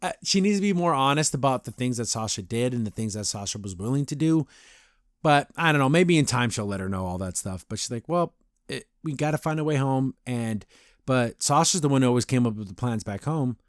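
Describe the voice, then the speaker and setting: A man's voice: mid-range voice, animated, brisk, no room sound, clean studio sound. A man hosting a review podcast in a casual, rambling way, often laughing. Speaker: podcast host reviewing a cartoon episode.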